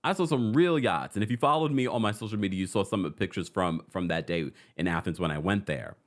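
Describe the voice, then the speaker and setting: A man's voice: sits low, fast. A man hosting a casual reality TV recap. He laughs often and acts out quotes from the show in put-on voices. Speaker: host.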